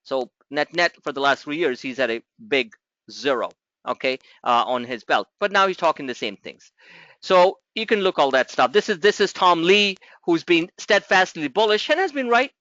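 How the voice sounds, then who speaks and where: Animated high-voiced trading coach, man. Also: moderate pace, no echo, lo-fi sound. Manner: animated, rambling explanations with filler and restarts. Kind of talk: market coaching session.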